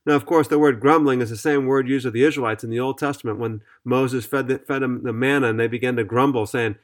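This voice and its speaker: A man's voice: mid-range voice, steady tone, fast talker. A man teaching on a podcast Bible study, reading scripture aloud and explaining it in an earnest, methodical way.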